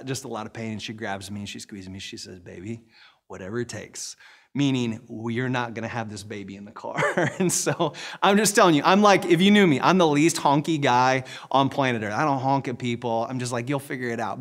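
A middle-aged man, a pastor, telling a story in a sermon with animated delivery and bursts of laughter. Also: mid-range voice.

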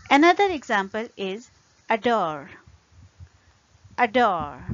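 A woman teaching an English pronunciation lesson, speaking deliberately and repeating example words carefully. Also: on the high side, dull audio.

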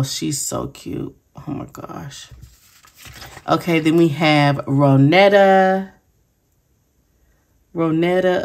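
A woman's voice: deep voice, vocal fry, a little mellow. A woman chatting casually to viewers while showing a sticker haul, giggly and gushing. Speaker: planner sticker vlogger. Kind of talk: casual chat.

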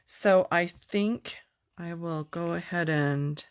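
A middle-aged woman chatting casually as she demonstrates a papercraft project, self-deprecating and quick to laugh. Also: on the low side, clean tone. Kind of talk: casual craft tutorial.

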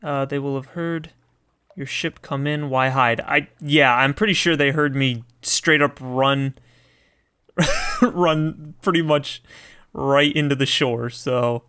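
A man playing a video game, reading its text aloud and reacting with chatty, excitable asides as he thinks out loud. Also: mid-range voice, takes it slowly, clear, resonant tone. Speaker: let's play gamer.

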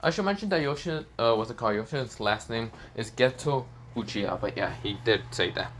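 Young man, fan story narrator, rambling, casual, filler-heavy, mid-pitched. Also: lively intonation, brisk, fairly bright tone, slight background noise. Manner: rambling, many "this is where, well" fillers, swearing.

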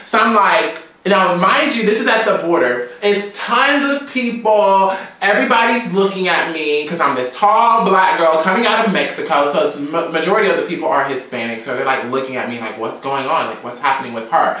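A woman from Georgia, telling a story in a sassy, animated, profane vlog rant. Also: lowish voice, moderate pace, hardly any pauses, distant mic. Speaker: vlogger. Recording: very echoey room, away from mic.

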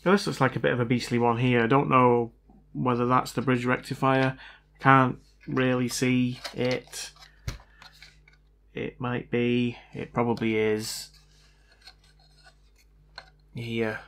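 A man's voice: medium pitch, level tone, slow, long pauses, fairly bright tone. Hesitant man thinking aloud. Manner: hesitant, unsure, self-doubting. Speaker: hobbyist repair vlogger. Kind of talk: casual thinking-aloud commentary.

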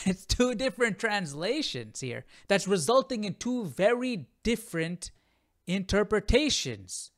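A man who hosts a video channel talks casually as he reacts to a clip. He thinks aloud with curiosity, and his voice sits a bit high. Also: very animated, unhurried. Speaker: host.

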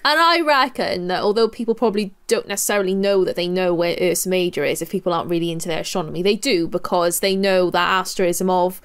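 A woman's voice: fairly low pitch, fast, hardly any pauses, clear, resonant tone. A woman with a Welsh accent, co-hosting an astronomy podcast over a video call in a chatty manner with frequent laughs. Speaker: co-host. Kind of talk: casual astronomy chat.

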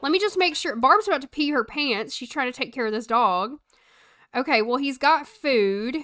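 A woman's voice: high voice, expressive, moderate pace, a bit bright. A young woman streaming a life-sim game, chatting casually, telling her characters what to do and answering her chat. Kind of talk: live gameplay commentary.

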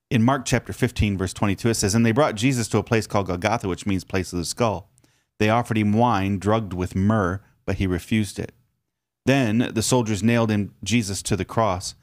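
A male pastor co-hosting a podcast reads scripture passages aloud. His voice sits low, and his delivery is earnest and even, with an occasional halting filler between verses. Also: no room sound, clean studio sound.

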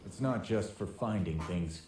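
A man playing a gruff former cop turned spirit hunter, blunt and matter-of-fact. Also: sits low, measured pace, a little mellow, a little hiss or hum. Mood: calm. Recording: echoey game audio.

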